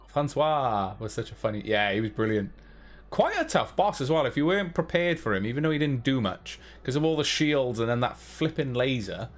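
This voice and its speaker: A man's voice: mid-range voice, very animated, a little fast. A young man hosting a live stream, chatting casually with viewers in a rambling way, now and then humming little sounds. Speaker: livestream host.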